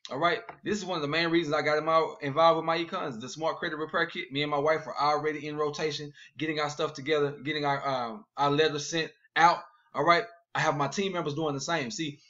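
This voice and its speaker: Man, excited sales pitch, fast, "all right?" after every point, slightly high voice, lo-fi audio. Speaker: network marketing promoter. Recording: dull lo-fi video audio.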